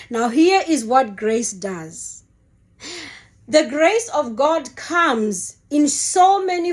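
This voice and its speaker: In a high voice, a middle-aged woman delivers an emotional, earnest Christian testimony in a sermon-like style, frequently repeating her words.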